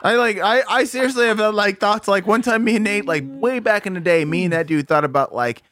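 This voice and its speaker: High-voiced man telling a rambling story. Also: brisk, a bit bright. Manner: rambling storytelling with profanity and laughter. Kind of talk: casual podcast chat.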